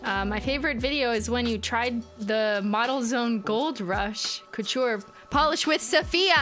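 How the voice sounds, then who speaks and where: A woman in her late twenties chats casually while opening fan mail on a live stream. Her voice sits a little high and she speaks slowly, with swearing and frequent laughter. Music plays clearly underneath. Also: a bit bright. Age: late 20s.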